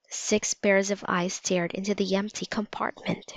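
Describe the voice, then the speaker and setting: Slow, calm woman reading a storybook. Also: mid-range voice, no echo. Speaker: narrator. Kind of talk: storybook read-aloud. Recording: slightly dull lo-fi recording.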